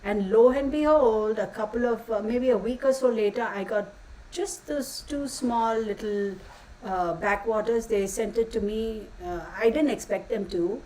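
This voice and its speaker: A woman's voice: fairly high pitch, unhurried, warm tone, recorded from a distance, a little hiss or hum, low-quality recording. A woman talking casually to her channel, blunt and exasperated, swearing now and then and using folksy insults. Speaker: channel host. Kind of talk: casual ranting vlog.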